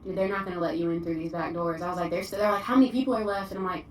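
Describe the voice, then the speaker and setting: A young woman with a Southern accent, a content creator telling her story in a chatty, excitable way, full of "like". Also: fairly low pitch, very fast. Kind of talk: casual vlog storytelling. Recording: echoey, distant mic.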